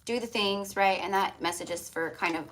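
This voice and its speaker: A woman's voice: medium pitch, brisk, fairly bright tone, a little hiss or hum, poor audio. A woman reading tarot on a live stream, chatty and affectionate, calling her viewers love and hon. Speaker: tarot reader.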